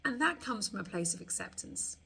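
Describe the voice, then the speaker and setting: A woman leading a guided tapping meditation, slowly voicing frustrated thoughts for the listener to repeat. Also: fairly high pitch, sing-song, sharp tone, husky. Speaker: tapping coach.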